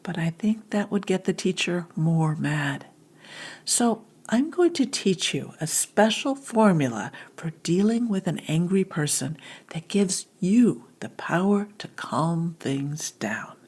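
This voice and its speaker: A woman hosting a children's podcast as a psychologist, gently teaching step by step in an encouraging way. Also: fairly low pitch, husky.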